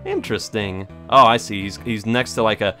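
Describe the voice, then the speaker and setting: Jokey, bright-voiced man playing a game. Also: fairly low pitch, normal speed, faint music behind. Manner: jokey, rambling, sarcastic asides. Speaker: let's play host. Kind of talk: casual gameplay commentary.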